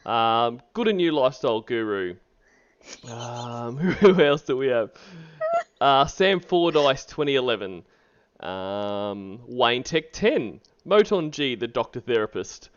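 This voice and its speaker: Laughing streamer with a lively voice. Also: male voice, medium pitch, slow, clear, resonant tone, lo-fi sound. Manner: laughs often, rambling shout-outs. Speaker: streamer host. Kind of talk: casual stream chat.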